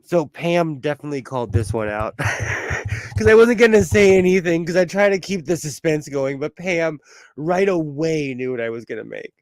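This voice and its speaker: Southern Californian man, chatty livestream host, slightly high voice, dry close sound. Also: animated, moderate pace, no room sound. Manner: chatty, laughs often, talks back to chat. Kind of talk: casual livestream chat. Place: home sewing room.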